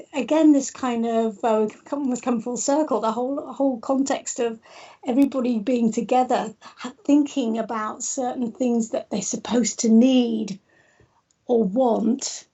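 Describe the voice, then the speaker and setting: A woman's voice: fairly high pitch, creaky, mellow, breathy edge, distant mic, highs cut off. A woman guest, an artist and theorist, telling chatty anecdotes in a podcast interview, with lots of fillers and restarts.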